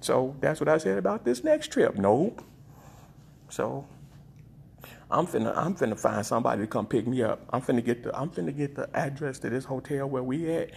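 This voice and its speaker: Man doing a comic live-stream rant, husky and gravelly, pitch leaping all over. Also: moderate pace. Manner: exaggerated, dramatic complaining with big pitch swings; repeats a flat "nope". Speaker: comedic vlogger.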